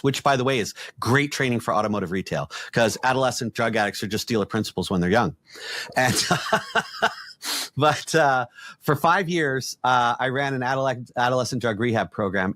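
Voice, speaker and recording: A middle-aged man, an executive coach, telling blunt, animated stories in a podcast conversation and acting out the quotes. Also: medium pitch, no room sound.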